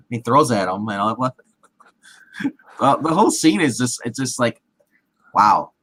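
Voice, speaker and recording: A man's voice: mid-range voice, lively intonation, a little slow, pauses often, a bit bright, low-quality recording. A man casually retelling a film scene with many restarts and acted-out quotes, as a movie show co-host. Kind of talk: casual movie recap chat.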